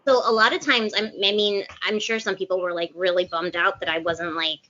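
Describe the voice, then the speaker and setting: A woman guest on a podcast, telling stories in a bubbly, animated way with gasps and laughs. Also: medium pitch, a little fast. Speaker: guest actress. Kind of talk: casual podcast chat. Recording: dull lo-fi sound.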